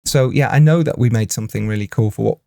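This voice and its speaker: Male film director, co-host, chatty and animated, medium voice, dry recording. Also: mid-range voice, fast talker, creaky, no echo. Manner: animated storyteller, laughs often, restarts phrases. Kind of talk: casual podcast chat.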